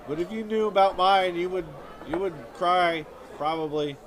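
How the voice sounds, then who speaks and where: A man's voice: high-pitched, moderate pace, some chatter behind. A man performing a self-pitying stand-up comedy monologue on stage before a live audience. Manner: whiny, self-pitying storytelling. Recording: audience laughter and background noise.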